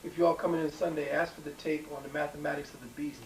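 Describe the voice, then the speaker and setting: A man's voice: a little high, little pitch movement, fast. Emphatic male lecturer in an echoey room. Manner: emphatic and digressive, with frequent restarts and fillers. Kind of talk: lecture to a live audience. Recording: echoey room, distant mic, faint hiss.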